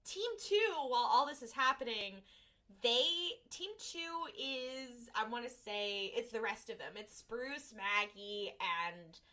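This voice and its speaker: Recapping an episode casually, this podcast co-host rambles with lots of "like" and "um" and acts out the lines. Her voice is a little high, animated and slow, with a pushed, bright quality.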